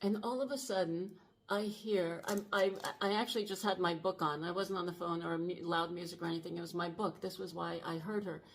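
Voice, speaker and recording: A woman around sixty telling a personal story to camera in an earnest, urgent way, shaken and emotional, often stopping and restarting her sentences. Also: medium pitch. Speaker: channel host.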